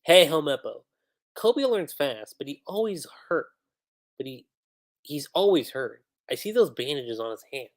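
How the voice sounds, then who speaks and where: A man's voice: fairly high pitch, sing-song, a little slow. A man reading the lines of a boisterous old male navy hero, laughing at a young recruit. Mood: teasing.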